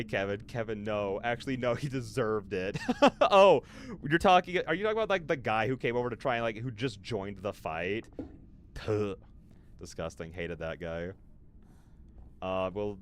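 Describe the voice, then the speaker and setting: A man's voice: fairly low pitch, slight background noise. A man streaming a horror game, chatting with his viewers and reading their messages aloud in a rambling, filler-heavy way. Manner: reads chat aloud and answers viewers. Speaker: livestreamer. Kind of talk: live horror game commentary.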